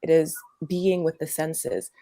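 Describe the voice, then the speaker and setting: Low gravelly woman rambling gently, lots of um and like, dry close sound. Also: takes it slowly, no room sound. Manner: meandering, hesitant, many fillers and restarts. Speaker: workshop teacher, interview guest. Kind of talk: conversational interview.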